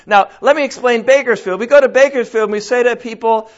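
High-voiced older preacher, folksy and chatty. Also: male voice, fast, hardly any pauses. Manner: conversational, folksy, with rhetorical questions. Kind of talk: sermon. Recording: dull lo-fi recording.

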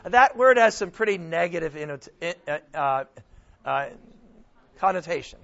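Here a preacher with a high, somewhat bright voice and lively intonation leads a Bible study at a moderate pace. He teaches scripture, quizzes those listening, and restarts frequently, on a dull, lo-fi recording.

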